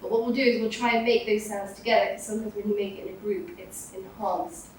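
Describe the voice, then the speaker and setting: A woman's voice: mid-range voice, fairly even intonation, quick pace, recorded from a distance. A British woman teaches Sanskrit pronunciation to a class. She models each sound for the group to copy back. Her voice comes from some way off the microphone in a very echoey room with faint noise. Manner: demonstrates sounds for the group to repeat.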